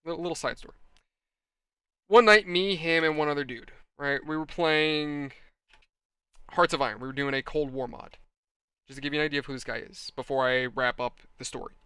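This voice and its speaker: This is a man hosting a hobby video, telling an animated anecdote with plenty of exasperation. His voice sits a little high and sounds bright and smooth. The recording is close and dry. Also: fairly quick, long pauses, no room sound. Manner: animated, exasperated storyteller, addresses viewers. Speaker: hobby channel host. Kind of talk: rambling anecdote while model building.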